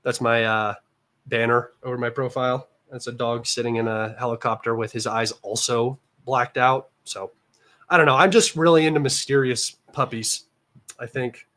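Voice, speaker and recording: A young adult American man hosts a casual livestream from his room, rambling and chatting with plenty of fillers. His mid-range voice is steady and a bit bright, at normal speed, and sounds slightly nasal from allergies.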